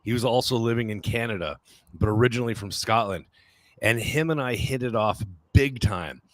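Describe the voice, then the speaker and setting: A man's voice: mid-range voice, normal speed, no echo. A middle-aged man co-hosting a podcast, telling a story in casual chat. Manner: laughs easily, storytelling. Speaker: podcast co-host.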